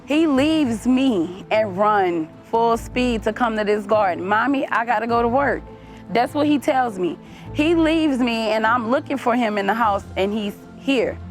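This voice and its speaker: A woman, a mother and community gardener, talking in a documentary interview in a chatty, lively way. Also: on the high side, a little slow, faint music behind.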